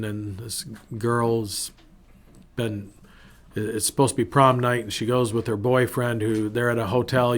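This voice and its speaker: A man, a pastor hosting his own show, giving an earnest, conversational devotional talk with many restarts, acting out prayers and quotes. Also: medium pitch. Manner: acts out prayers and quotes in a shifting voice. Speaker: pastor and podcast host.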